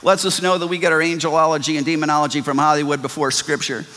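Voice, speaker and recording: Male preacher, middle-aged, bright voice, lively sermon, long hall reverb. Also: fairly high pitch, quick pace. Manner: animated, wide swings from loud exclamations to quiet asides. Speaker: pastor. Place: church sanctuary.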